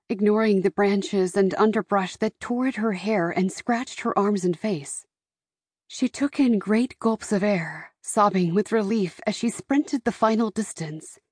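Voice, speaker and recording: Husky-voiced woman narrating an audiobook. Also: medium pitch, measured pace, a little mellow, no echo, studio quality.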